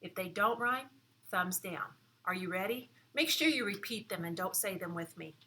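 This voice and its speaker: A woman teaching preschoolers in a classroom, speaking clearly and instructively, one step at a time. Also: medium pitch, animated, normal speed, bright, forceful tone. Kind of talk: children's lesson.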